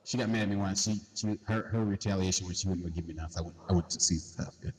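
Low, lively male co-host with a laid-back slang delivery, long reverb. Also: rapid-fire, breathy edge. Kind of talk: raunchy casual chat. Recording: reverberant room.

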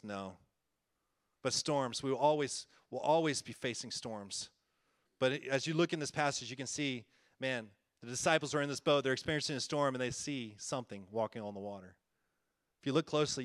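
A man's voice: medium pitch, fairly bright tone, no room sound, studio quality. A man preaching a conversational sermon as a church-planting pastor, earnest and folksy, often chuckling and repeating himself.

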